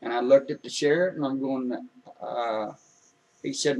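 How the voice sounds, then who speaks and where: A man telling an emotional personal story in an earnest, halting way, with many restarts. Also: mid-range voice, dark tone, slightly rough, recorded from a distance, rough recording.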